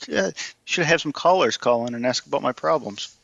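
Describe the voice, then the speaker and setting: A gravelly-voiced man from Tennessee co-hosting a casual podcast. He makes dry jokes and hesitates with uhs. The recording is dull and lo-fi, close and dry. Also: medium pitch, animated, a little fast, a bit bright, no echo. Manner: dry, joking, hesitant fillers. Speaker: podcast co-host. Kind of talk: casual chat over drinks. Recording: dull lo-fi sound.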